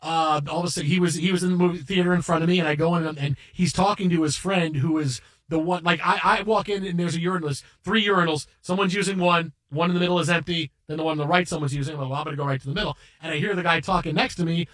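Middle-aged male radio host, high voice, rapid-fire excited rambling. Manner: rambling, excited anecdote-telling with many restarts. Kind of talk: casual on-air chat.

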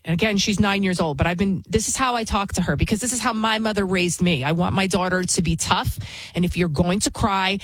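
Speaking a little fast at medium pitch, this woman works as a TV news anchor and delivers an offhand monologue. The recording is dry and rough, and she comes across as outspoken and rambling, often starting sentences over.

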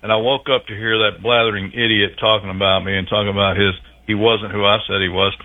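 A man's voice: lowish voice, flat delivery, fast talker. A man calling in to a talk show, rambling in a folksy, wandering way. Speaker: regular caller. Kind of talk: comedic rambling call-in. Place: calling in by phone. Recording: tinny phone line.

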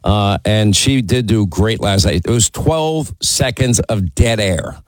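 A man's voice: on the low side, slow pace, dry recording, low-quality recording. A middle-aged man hosting a call-in radio show, blunt and mocking as he argues with callers. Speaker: radio talk show host. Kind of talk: combative call-in radio talk.

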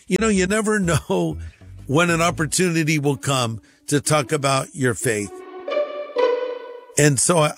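A man's voice: a little high, husky. Humorous storytelling pastor, man. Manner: humorous, acts out both sides of a dialogue. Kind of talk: storytelling on a radio show.

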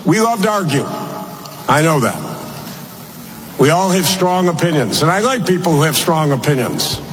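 A man's voice: fairly high pitch, sing-song, moderate pace, background noise. A man, likely in his sixties, giving a folksy, emphatic political speech, scolding members of his own party. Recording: clip played from a reverberant venue.

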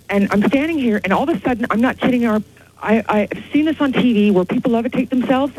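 A woman phoning in to a late-night radio talk show, telling her story in a rushed, excitable, shaken way. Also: fairly high pitch, breathy edge, rough recording. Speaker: caller.

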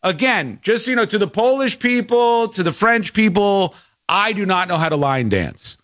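An American man co-hosting a casual news talk show, with a fairly high voice that leaps around a lot as he jokes and mimics people. The sound is close and dry, with no room around it. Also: normal speed, no echo. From United States. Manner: animated, jokey, breaks into mock voices. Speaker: co-host. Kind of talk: casual news commentary chat.

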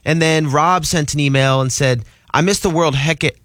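A man co-hosting a talk radio show, briskly reading listener emails and taking calls. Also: on the high side, fairly bright tone, no room sound, studio quality. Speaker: radio co-host. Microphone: studio mic.

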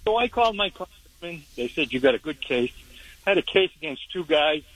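A man's voice: fairly high pitch, expressive, fairly quick, a bit bright, no room sound, poor audio. A man in his seventies, a veteran, calling in to a radio show with a blunt, aggrieved complaint. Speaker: caller, veteran. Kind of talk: call-in radio talk.

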